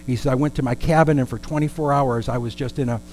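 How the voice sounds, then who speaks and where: A man's voice: medium pitch, steady tone, quick pace, darkish tone, a little hiss or hum, low-quality recording. A man preaching a storytelling sermon in a conversational way, with asides and questions to the congregation.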